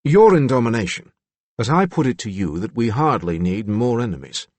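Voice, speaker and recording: A man playing a prim, haughty gentleman. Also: mid-range voice, expressive, normal speed, dry recording, close to an everyday voice. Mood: disdainful. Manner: formal, precise. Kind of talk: audiobook narration.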